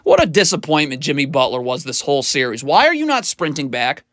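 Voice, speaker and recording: A man's voice: fairly high pitch, big pitch swings, fairly quick, a bit bright, no echo. A man doing a blunt, exasperated video breakdown of basketball defense, scolding the players as he talks. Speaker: basketball film analyst.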